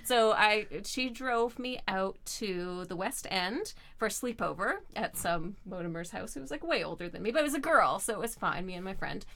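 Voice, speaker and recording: A woman telling a personal story in a casual chat, animated and laughing often as she acts out voices. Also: medium pitch, moderate pace, creaky, few pauses. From Canada.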